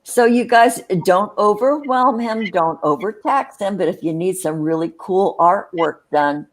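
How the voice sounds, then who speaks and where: A woman co-hosting a casual livestream chat show, rambling with many restarts and quick laughs. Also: mid-range voice.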